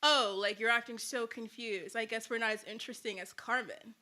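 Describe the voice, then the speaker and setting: An intense, deadly serious female cop, quoted by a woman telling a story snaps harshly and then turns falsely sweet. The voice is bright and slightly high. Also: fairly even intonation, a little fast. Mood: sarcastic.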